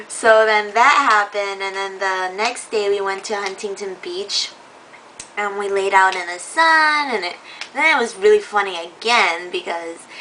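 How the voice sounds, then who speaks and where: A woman in her twenties tells a story in a casual vlog, giggling often and animatedly acting out what people said. Her voice is medium in pitch. The audio is poor, recorded from a distance with some hiss or hum.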